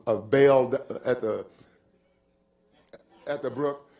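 Older preacher swinging quiet to booming. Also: male voice, moderate pace, long pauses. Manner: swings from quiet musing to loud, stretched-out emphasis; repeats words for stress, chuckles as he preaches. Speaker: pastor. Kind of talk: sermon.

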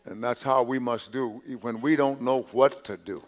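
A man preaching a sermon from the pulpit, his voice sitting in a middle pitch. He talks to the congregation conversationally, repeating words and restarting phrases. He drops to soft asides, then lifts his voice on the points he stresses. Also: fairly even intonation, moderate pace. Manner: drops to quiet asides, rises on emphasis. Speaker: pastor.

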